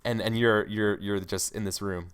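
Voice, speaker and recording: A man's voice: on the low side, steady tone, moderate pace, clean tone. A man narrating a scene as game master in a tabletop role-playing game, rambling with many fillers.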